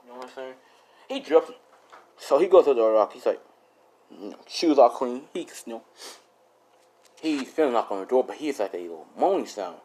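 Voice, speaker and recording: A man's voice: lowish voice, mellow, slight background noise. A man casually improvising a fan story, rambling, slangy and swearing, often correcting himself. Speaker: YouTuber storyteller.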